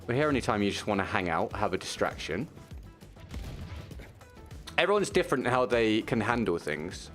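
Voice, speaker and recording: Male streamer, low voice, laid-back supportive chat over faint game music. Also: big pitch swings, normal speed, pauses often, fairly bright tone. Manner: supportive, talks to viewers while gaming, frequent restarts. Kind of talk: casual chat while playing.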